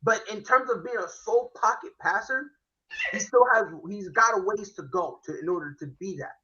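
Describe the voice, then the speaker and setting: A man hosting a casual football chat, animated and slangy, cursing freely. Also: high voice, lo-fi sound. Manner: animated, slangy, swearing, quick impressions. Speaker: host. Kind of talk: casual sports analysis chat.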